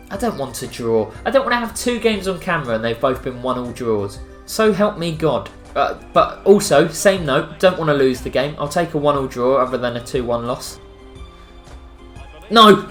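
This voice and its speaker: A young man commentating on his own football video game play, joking sarcastically and breaking into excited outbursts. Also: mid-range voice. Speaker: gaming YouTuber. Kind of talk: live gameplay commentary. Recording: faint music behind voice.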